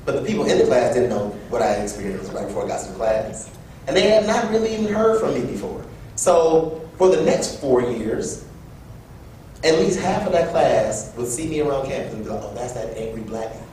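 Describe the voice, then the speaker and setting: A young man giving a personal storytelling speech at an event, animated and acting out quoted voices. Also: brisk. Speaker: event speaker. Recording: echoey room from far off with low rumble.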